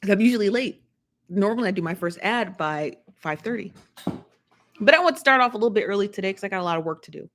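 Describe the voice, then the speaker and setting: A woman's voice: mid-range voice, animated, fast talker, a bit bright. A woman hosting a live stream, chatting casually about news and gossip, often repeating herself and laughing. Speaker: live show host.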